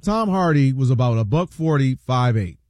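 A man co-hosting a sports talk show, bantering in an animated, playful storytelling way. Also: medium pitch, moderate pace, dry recording.

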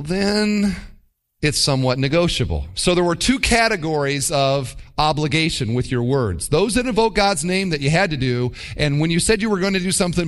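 A man preaching a sermon as pastor, with wry mimicking asides. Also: on the high side.

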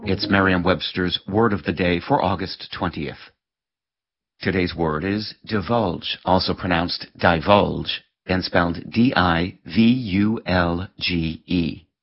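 A man with a very low, somewhat husky voice delivers a scripted word-of-the-day reading. His diction is measured and precise. The audio sounds a little dull and lo-fi. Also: fairly even intonation.

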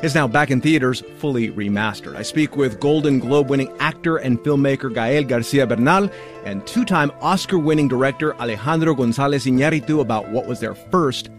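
A man's voice: medium pitch, a little fast, faint music behind. A man hosting radio news with a polished, scripted delivery.

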